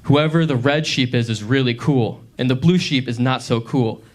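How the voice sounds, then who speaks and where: A man's voice: medium pitch, normal speed. Young man doing a stand-up set. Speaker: stand-up comedian. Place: comedy club stage.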